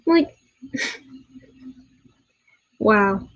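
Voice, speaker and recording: Exasperated young woman ranting, halting. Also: mid-range voice, animated, dull audio. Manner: exasperated, halting with many restarts, swears often. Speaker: vlogger. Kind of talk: ranting commentary video. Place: a room in her boyfriend's house.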